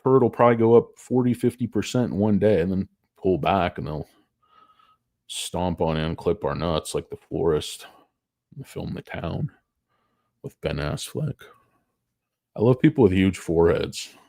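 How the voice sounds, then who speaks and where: A man's voice: low voice, lively intonation, normal speed, pauses often, mellow, no echo, studio quality. A tired man hosting a stock market show, rambling through casual, profane, joking commentary that wanders off topic.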